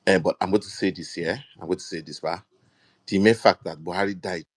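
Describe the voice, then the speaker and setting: A man's voice: low voice, steady tone, brisk. A man moderating an online audio debate, addressing the listeners directly.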